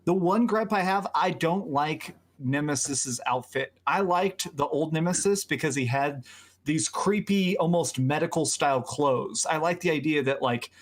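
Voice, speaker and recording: Excited man on a gaming podcast. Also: a little high, moderate pace. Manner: excited, animated gamer talk. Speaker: podcast panelist. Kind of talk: casual chat.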